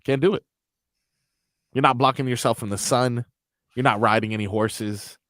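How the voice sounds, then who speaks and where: A man co-hosting sports talk radio in casual banter, speaking with emphasis and excitement and laughing often. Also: mid-range voice, moderate pace, no echo, studio quality.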